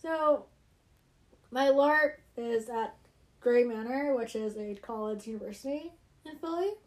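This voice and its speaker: A woman in casual chat, telling stories in an animated way and laughing often. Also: fairly high pitch, a little slow. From United States.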